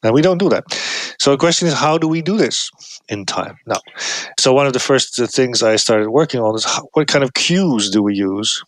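A man's voice: mid-range voice, animated, normal speed, no echo. A middle-aged man explaining his research casually, thoughtful, often restarting phrases and acting out example replies. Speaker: guest researcher.

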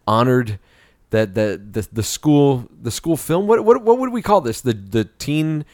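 A man's voice: mid-range voice, measured pace, no room sound, studio quality. A man in his forties co-hosting a movie podcast, telling stories in casual, profane banter full of laughs. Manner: profane, laughing, animated storyteller. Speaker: podcast co-host.

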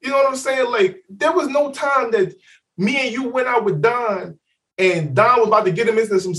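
Heard from far off the mic, a man with a very high-pitched voice speaks at normal speed. He's a podcast co-host spinning a story in relaxed conversation, animated and profane, voicing the quotes himself.

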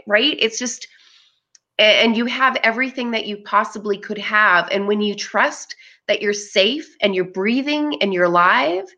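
A woman's voice: mid-range voice, pushed and bright. A woman being interviewed, talking in an earnest, reflective way. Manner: reflective, earnest, with frequent "you know". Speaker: interview guest. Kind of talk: casual interview conversation.

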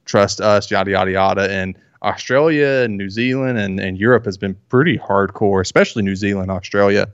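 Male podcast co-host, low and smooth, opinionated and casual, dry dull lo-fi recording. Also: fairly quick, hardly any pauses, no echo. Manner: opinionated, loose, filler-heavy. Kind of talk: casual chat. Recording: dull lo-fi audio.

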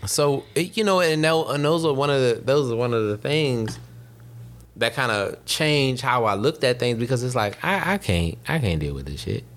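A man in his thirties talking in a casual chat, rambling and halting, restarting his sentences. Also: medium pitch, expressive, a bit bright, slight background noise. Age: 30s.

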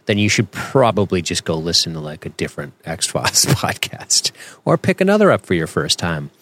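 A man's voice: rumbling low, huge pitch swings, normal speed, a bit bright, husky. A man co-hosting a podcast in casual chat, rambling and joking with lots of fillers and self-corrections. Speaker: podcast co-host.

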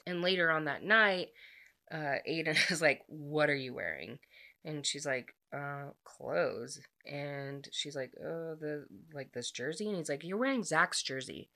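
Low-voiced woman rambling through a plot recap, super chatty, does little bits of the dialogue. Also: measured pace, sharp tone. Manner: chatty, filler-heavy, acts out quoted dialogue. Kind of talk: casual plot retelling.

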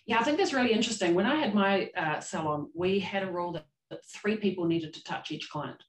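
A woman's voice: mid-range voice, lively intonation, fairly quick, echoey room, rough recording. A woman hosting a podcast, a former salon owner, agreeable and reflective in casual conversation. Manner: agreeable, reflective, builds on the guest's points.

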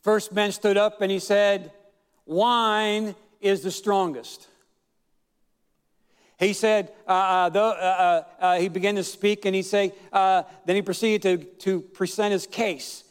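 A male pastor delivers a sermon in a high, smooth, resonant voice. He tells his story with halting fillers, then stretches and shouts key words for emphasis. His voice rings out with the long reverb of a big church hall. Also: flat delivery.

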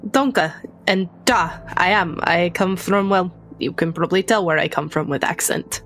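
A woman's voice: fairly low pitch, normal speed, fairly bright tone, faint music behind, lightly acted. A woman voicing a guarded, formal female vampire newcomer with a put-on Russian accent, clipped and dropping articles. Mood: formal, earnest. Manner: clipped speech, drops articles.

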